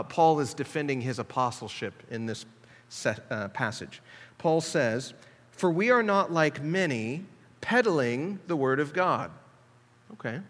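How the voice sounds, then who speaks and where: A man's voice: a little high, fairly bright tone. A man preaching a sermon in a conversational, emphatic way, asking his listeners questions. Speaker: pastor. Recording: long hall reverb.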